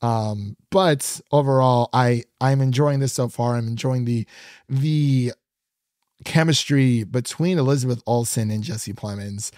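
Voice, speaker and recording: A man's voice: mid-range voice, unhurried, darkish tone, dry recording, clean studio sound. Chatty man hosting a podcast. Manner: chatty, laughs often, loose and rambling. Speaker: podcast co-host. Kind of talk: casual review chat.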